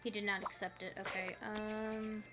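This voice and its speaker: A woman's voice: mid-range voice, flat delivery, moderate pace, over loud music. A woman streaming a puzzle game, chatting casually with playful, rambling asides. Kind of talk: casual gameplay commentary.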